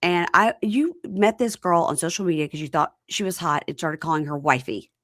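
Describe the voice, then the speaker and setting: A woman podcast host recapping a reality show in casual chat, animated and acting out quotes. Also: brisk. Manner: animated storyteller, acts out quotes in high voices.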